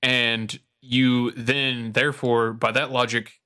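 A man's voice: mid-range voice, level tone, slow pace, bright, forceful tone, clean tone. A man hosting a podcast in casual chat, sarcastic and profane, often laughing. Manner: sarcastic, swears, laughs a lot. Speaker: podcast host.

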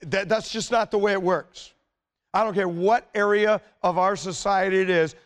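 A middle-aged man delivers a sermon in a conversational, emphatic style, his intensity building as he goes and his pitch rising when he gets stirred up.

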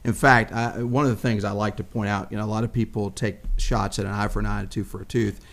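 A man's voice: fairly low pitch, fast talker, vocal fry. A man teaching on a Bible passage in casual conversation, telling the story with animation and acting out what people said. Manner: animated storytelling, acts out quoted speech.

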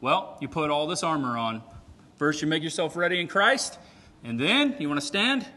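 A man preaching a sermon in a conversational way, often checking in with "right?" and swinging between loud and soft. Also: fairly high pitch, expressive, normal speed. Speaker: pastor. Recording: long hall reverb.

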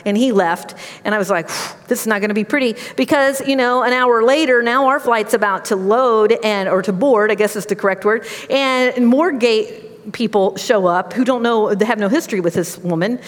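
A middle-aged woman giving a sermon, telling personal stories in a conversational, animated way. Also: on the high side, normal speed, long reverb tail. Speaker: preacher.

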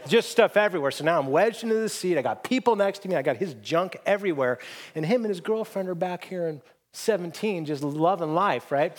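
A man preaching a sermon in a conversational, self-deprecating way, acting out quoted lines in hushed voices. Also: high voice. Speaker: pastor. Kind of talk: sermon with personal stories.

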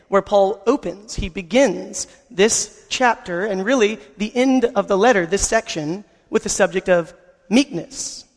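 An earnest man preaching a sermon, telling stories to his congregation. His voice sits high for a man. A long hall reverb trails every phrase. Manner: earnest, storytelling. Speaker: pastor.

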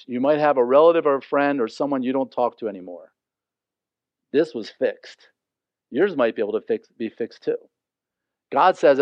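A man's voice: mid-range voice, no room sound, lo-fi sound. A man preaching a sermon, reading Bible verses aloud and explaining them in a conversational way. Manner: reads scripture aloud then explains it conversationally. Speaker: pastor.

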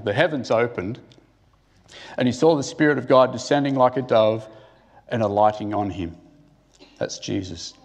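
A man's voice: fairly low pitch, a little mellow. Man preaching with rhetorical questions. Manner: asks the listeners rhetorical questions; thinks aloud with restarts. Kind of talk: conversational sermon.

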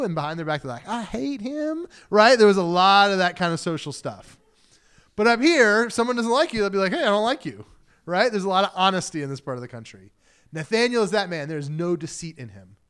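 Animated, conversational male preacher. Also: on the high side, smooth. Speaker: pastor. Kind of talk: sermon.

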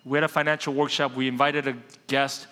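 A man preaching a sermon as pastor, an animated storyteller who slows down to stress key points, in a church sanctuary. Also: medium pitch, clear, resonant tone. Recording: long hall reverb.

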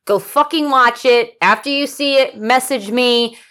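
A woman co-hosting a casual chat, excitable and swearing freely. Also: on the high side, unhurried. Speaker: podcast co-host.

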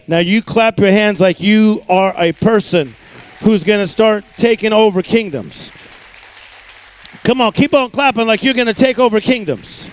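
Middle-aged male preacher, very high voice, dry sound, storytelling and call-and-response, repeats words in a hammering rhythm. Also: lively intonation, normal speed, no echo, some chatter behind. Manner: emphatic, rhythmic repetition of words. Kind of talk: energetic sermon.

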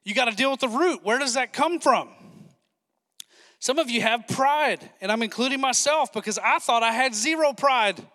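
A male pastor preaching a sermon with excited, fast-talking energy and asides to the congregation. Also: very high-pitched, long reverb tail.

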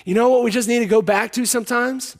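A man preaching a sermon, emphatic, repeating key lines and dropping to a hush when he tells a story. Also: very high voice, fairly even intonation, fast. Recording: hall reverb.

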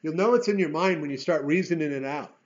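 A man's voice: fairly high pitch, quick pace, muffled recording. A man teaching through a Bible chapter in a conversational way. He reads scripture aloud and breaks off into folksy asides and rhetorical questions.

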